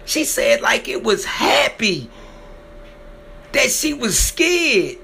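Speaking slowly in a very high, creaky, sharp voice, a man recounts someone else's terrifying encounter with great animation. He repeats himself often and grows dramatic, his voice swelling with emotion, over a little hiss or hum.

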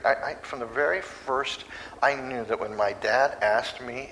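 A man delivering a sermon at an ordinary middle pitch. His delivery is conversational and lively, and he slips into acted voices at times. A faint hiss sits under the recording. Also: unhurried, poor audio. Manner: conversational and animated, acts out voices. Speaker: preacher.

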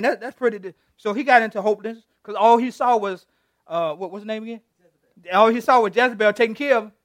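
Man, pastor, interactive sermon, teasing, high voice, dry sound. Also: a bit bright, dry recording. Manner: conversational, teasing the congregation, retells scripture with playful voices.

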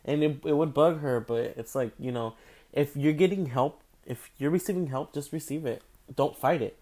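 A tired young man with a slightly high voice spins a rambling storytime. He swears freely, restarts often and stays animated. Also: moderate pace. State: tired, yawning. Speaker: vlogger telling a story. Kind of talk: casual storytime.

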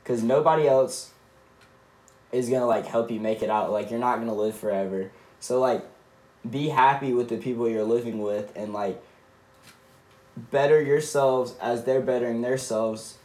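A man's voice: medium pitch, normal speed, darkish tone. A young man co-hosting a casual chat, speaking earnestly and reflectively with many "like"s. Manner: earnest, reflective, filler-heavy. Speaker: podcast co-host.

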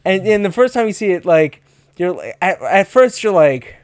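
A man co-hosting a podcast in casual chat, joking, with deadpan asides. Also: high voice, normal speed, dry recording. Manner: jokey, acts out quoted voices, deadpan asides. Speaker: podcast co-host.

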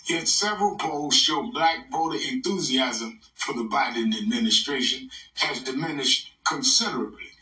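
A man interviewing a congressman on television, asking formal, measured questions. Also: medium pitch, pushed and bright. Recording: roomy broadcast clip from a distance.

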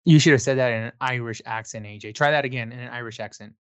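A man's voice: mid-range voice, quick pace, smooth. A man co-hosting a whiskey podcast in casual chat, teasing and joking. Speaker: podcast co-host.

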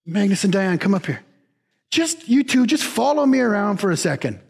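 A man with a high voice preaches a sermon in a church, animated and emphatic. He keeps repeating key words for weight. His voice rings with a long reverb from the hall. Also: normal speed, gravelly, husky. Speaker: pastor.

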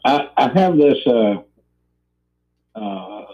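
A man calling into a podcast as a guest, his voice squeezed through a thin, tinny phone line. He speaks at a middle pitch and stops often with uhs as he gathers his words. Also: expressive. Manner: hesitant, halting with many uhs. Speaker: guest chef. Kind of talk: casual podcast conversation.

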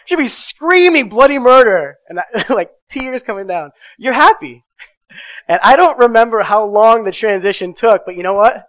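Male pastor, middle-aged, sermon storytelling, dynamic loud-to-quiet delivery, dry close mic. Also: high-pitched, normal speed, few pauses, dry recording. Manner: animated storytelling with swings from loud to soft.

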